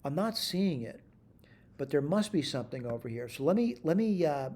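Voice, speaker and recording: A man's voice: a little high, very animated, moderate pace, a little mellow. A man teaching math in a screen-recorded tutorial, talking his steps through aloud, correcting himself and checking in with "all right?". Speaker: math instructor.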